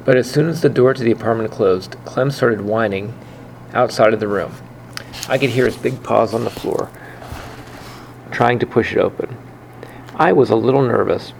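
A man reading a children's book aloud in first person, unhurried, with occasional slips and rereads. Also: medium pitch, creaky, a little mellow, a little hiss or hum, rough recording. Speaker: reader.

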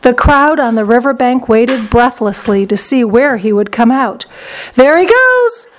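A woman narrating a children's storybook aloud in a lively, expressive way. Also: on the high side, moderate pace, a little hiss or hum. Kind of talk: storybook reading.

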